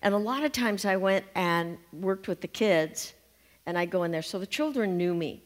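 A woman's voice: medium pitch, moderate pace. A woman minister preaching a sermon, telling stories with humor and inviting her congregation to join in. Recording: long hall reverb.

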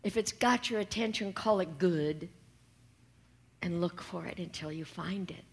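A woman minister preaching a sermon, talking softly and slowly and sometimes dropping to a whisper. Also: on the low side, gravelly, breathy edge. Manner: soft and slow, dropping to whispers.

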